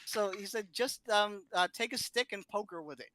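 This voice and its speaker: A man on a podcast, telling a funny story in a lively way and laughing often. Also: high-pitched, fairly quick, few pauses, background noise. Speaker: podcast co-host. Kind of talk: casual storytelling chat.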